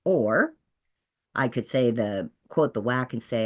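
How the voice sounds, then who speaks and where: A middle-aged woman who works as a peer counselor, telling stories to a group in a lively way and acting out the voices of the people she quotes. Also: very deep voice, slow. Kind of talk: storytelling talk to a peer audience.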